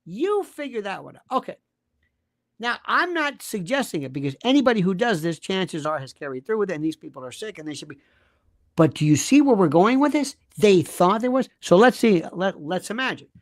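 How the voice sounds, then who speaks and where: The high-sitting, very animated voice of a male guest commentator moves briskly. He makes his case forcefully in lively conversation, firing rhetorical questions and performing the voices he quotes.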